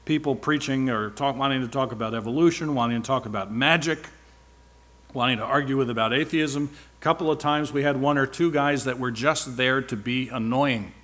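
A man's voice: medium pitch, brisk, fairly bright tone. A man speaking at church, giving a rambling, informal sermon-style report with wry asides.

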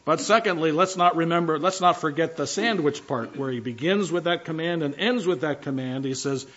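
A man's voice: a little high, fairly quick, fairly bright tone, dull audio. A man preaching a sermon as pastor, emphatic, driving home key phrases by repeating them.

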